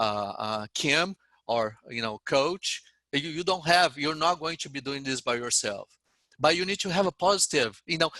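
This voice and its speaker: A man's voice: fairly high pitch, pushed and bright, no echo. A middle-aged man with a foreign accent gives a blunt, rambling motivational talk to his trading group, often restarting his sentences. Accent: foreign-accented English. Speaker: head day trader.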